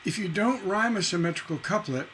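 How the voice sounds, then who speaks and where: A middle-aged man leads a songwriting lesson in a fairly high voice. He talks with emphatic energy and breaks into recited or half-sung lyric lines to make his points. A faint hum sits under the recording. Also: animated, brisk, a bit bright, poor audio. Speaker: songwriting instructor.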